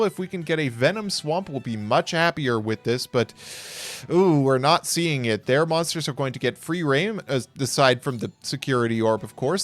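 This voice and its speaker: A young man giving playful, jokey play-by-play commentary on card game duels, with quick excited reactions. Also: medium pitch.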